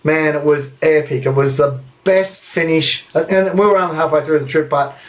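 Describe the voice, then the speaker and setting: A young Australian man telling a story on a live podcast, animated and swearing freely. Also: a little high, normal speed, rough recording. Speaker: podcast co-host.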